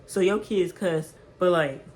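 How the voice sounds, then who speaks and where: A woman vlogger telling a casual storytime, animated and emphatic, with slang and repeated words. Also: lowish voice, a little slow, low-quality recording.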